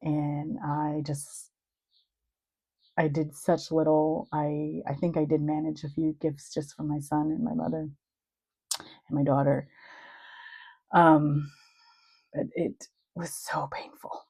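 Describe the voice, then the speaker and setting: A woman's voice: low voice, completely flat delivery, slow pace, gravelly, pauses often, warm tone, breathy edge, no echo, low-quality recording. A middle-aged woman, a marriage and family therapist, talking candidly and reflectively about her own experiences. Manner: reflective, earnest, openly sharing. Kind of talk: candid personal talk.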